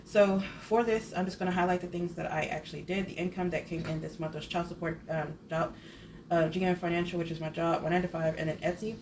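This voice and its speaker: A woman's voice: on the low side, fairly even intonation, quick pace, background noise. A woman in her thirties vlogging in casual, rambling chat, often correcting herself as she goes. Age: 30s. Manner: chatty, rambling, self-correcting. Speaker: budget vlogger.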